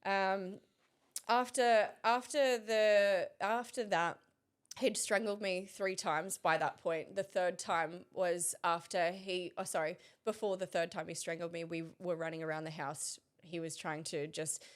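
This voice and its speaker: Interview guest: woman, slightly low voice, hesitant delivery with frequent restarts. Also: fairly even intonation, smooth. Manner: halting and hesitant, many pauses and restarts. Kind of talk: recounting a personal story in conversation.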